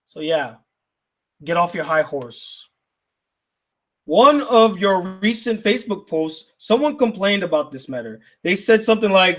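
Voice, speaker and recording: Heated high-voiced man ranting. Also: big pitch swings, unhurried, fairly bright tone. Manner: indignant, argumentative, rhetorical questions. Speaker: YouTube critic reading viewer mail.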